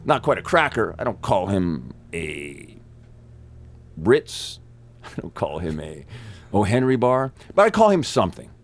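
A male actor telling wild stories as a guest, his voice swooping up and down as he acts out the other people in them. His talk is fast-moving and profane, full of bursts of energy. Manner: energetic, profane, acts out quotes with big pitch jumps. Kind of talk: animated storytelling.

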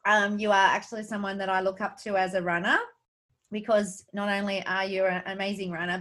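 An Australian woman hosting a podcast interview, enthusiastic and full of fillers. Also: medium pitch. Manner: enthusiastic, warm, with many fillers. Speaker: podcast host.

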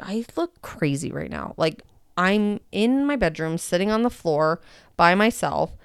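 A woman's voice: lowish voice, clear, resonant tone, no room sound, studio quality. A woman in young adulthood, hosting her own podcast and chatting candidly with lots of fillers. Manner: rambling and candid, many fillers. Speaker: podcast host. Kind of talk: casual personal podcast talk.

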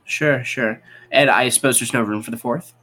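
A man's voice: medium pitch, steady tone, moderate pace, pushed and bright. A man playing a tabletop game, questioning characters politely and probing, laughing easily. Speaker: player.

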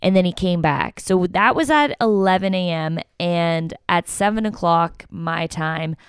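In a solo podcast rant, a woman with a fairly low, clear and resonant voice speaks at a measured pace. She swears and sounds emotional and exasperated as she relates a fight, and the studio sound is clean with no room noise.

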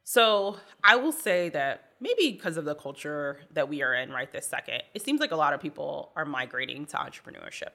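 A low-pitched woman with a gravelly, bright edge to her voice, co-hosting a podcast. She talks in a blunt, casual way and acts out the people in her stories. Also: a little fast, hardly any pauses. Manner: blunt, animated storyteller who acts out dialogue. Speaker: podcast co-host. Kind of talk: casual chat.

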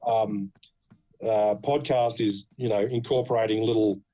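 In dull audio, an Australian man hosting a podcast spins stories in easygoing chat, laughing and swearing freely. His voice is lowish and dark, with a steady tone and a measured pace.

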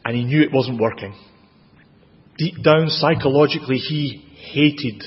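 A man with a Scottish accent preaching a sermon, expressive, with dramatic rises in pitch and volume. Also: measured pace. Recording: dull, lo-fi with long hall reverb.

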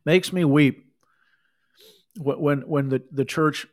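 Digressive man preaching a Bible study. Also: a little high. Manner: conversational, digressive, with quick acted asides. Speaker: pastor. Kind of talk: sermon with Bible reading.

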